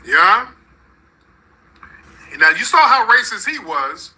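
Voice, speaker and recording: A man's voice: high voice, sing-song, takes it slowly, bright, forceful tone, poor audio. A man from North Texas hosting a reaction commentary, talking bluntly and heatedly straight to his viewers. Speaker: commentary channel host.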